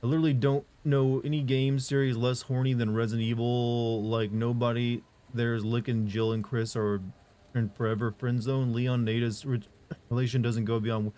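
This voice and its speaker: A man's voice: mid-range voice, flat delivery, moderate pace, mellow. A young man streaming live, chatting loosely and reading comments aloud, joking around with sore arms. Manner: rambling, jokey, reads chat aloud. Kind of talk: casual live-stream chat.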